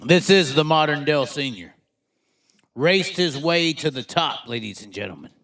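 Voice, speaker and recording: A rowdy man hosting a live stream in a high, reedy voice, joking crudely and bursting into excited exclamations. He talks loosely and casually, like he is hanging out with his viewers. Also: moderate pace, gravelly. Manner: excitable, with sudden outbursts. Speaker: livestream host.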